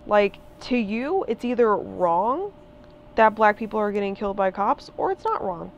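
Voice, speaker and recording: A woman's voice: medium pitch, big pitch swings, moderate pace, dull audio, a little hiss or hum. Heated, profane young woman ranting. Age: 20s. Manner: repeats phrases for emphasis. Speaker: vlogger. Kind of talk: ranting monologue.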